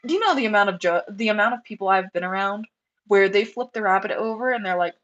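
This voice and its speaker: A woman's voice: mid-range voice, fast talker, a bit bright, dull audio. A young American woman chatting casually on a livestream through a headset, rambling with lots of fillers and asides. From United States. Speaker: livestream host, rabbit breeder.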